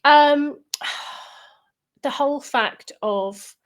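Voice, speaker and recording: A woman's voice: high-pitched, drawn-out words. A woman with a southern English accent, co-hosting a podcast in giggly, chatty conversation. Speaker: podcast co-host. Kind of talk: casual chat.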